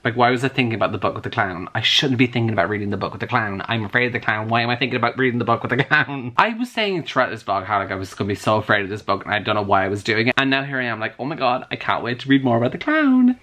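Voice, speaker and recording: A man chatting in a casual reading vlog, gushing and animated, with lots of "like" fillers, recorded on a camera at home. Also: on the low side, racing, few pauses. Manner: gushing and animated, heavy use of "like". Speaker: book vlogger. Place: room at home, lights off at times.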